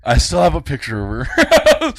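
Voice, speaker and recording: A man hosting a podcast, telling a personal story in casual chat and acting out the people in it with sudden high-pitched bursts. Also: measured pace. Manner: animated, acts out quotes with big pitch jumps and fake crying. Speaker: podcast host.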